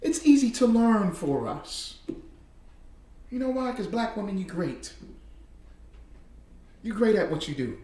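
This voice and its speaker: Loud, high-pitched man ranting in an echoey room. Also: sing-song, a little slow, long pauses. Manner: heated, repetitive, talks straight to listeners. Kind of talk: casual ranting commentary.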